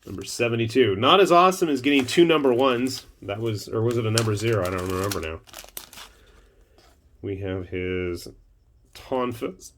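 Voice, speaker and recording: A man talks through a miniature kit in a relaxed, chatty way, tossing in wry jokes and little asides. His voice sits at an ordinary middle pitch. He sounds like a hobbyist hosting his own channel. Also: fast talker, few pauses, a little hiss or hum. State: hiccuping. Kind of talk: casual unboxing and build commentary.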